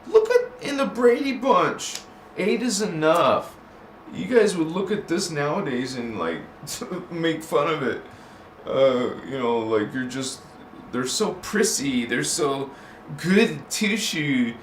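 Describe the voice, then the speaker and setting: Pitched on the high side, this man takes his time yet sounds animated as he hosts a relaxed livestream chat. He jokes around with the audience, laughs frequently, and slips into chanting invented words, all captured in a roomy space with light hiss.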